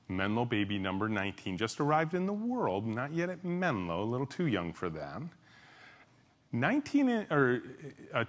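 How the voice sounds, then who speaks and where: A middle-aged man speaking from a conference stage in an ordinary mid-range voice. His delivery is lively and theatrical, with sudden loud bursts and quiet, confiding drops. He sounds like an executive telling stories to a crowd. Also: mid-range voice. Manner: animated, swings between loud exclamations and hushed asides. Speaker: keynote speaker, company CEO. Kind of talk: conference keynote with storytelling.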